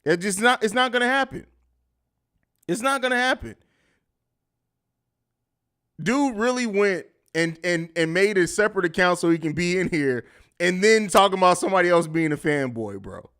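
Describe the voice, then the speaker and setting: A man's voice: sits high, normal speed, long pauses, a bit bright, clear, resonant tone. A man hosting a live post-game sports podcast, reading chat comments and answering them in a combative, mocking, trash-talking way. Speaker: podcast host.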